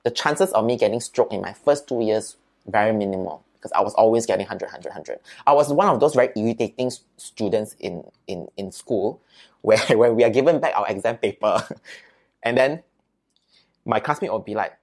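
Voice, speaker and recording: A Singaporean man tells stories in a loose, chatty way. He keeps asking "right?" and "okay?" to make sure the listener follows. His voice rises and falls a lot, and he drops Mandarin words and local particles into his English. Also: moderate pace. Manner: lively, swings pitch up and down while telling a story. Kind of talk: casual storytelling.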